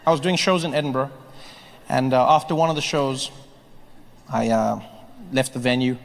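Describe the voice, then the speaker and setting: Animated male stand-up comedian. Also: mid-range voice, normal speed, vocal fry. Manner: animated, acts out voices, builds to shouts. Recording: live stage with long reverb.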